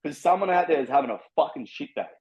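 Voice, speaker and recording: A man talks in rapid, blunt bursts, swearing freely as he preaches. His voice sits a little high. The recording sounds dull and lo-fi. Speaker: podcast guest. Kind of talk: casual chat.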